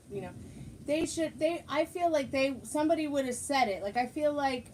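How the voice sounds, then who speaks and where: A woman's voice: a little high, darkish tone, a little hiss or hum, low-quality recording. A woman hosting a casual livestream chat at home, greeting viewers and rambling with many fillers and restarts. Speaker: livestream host.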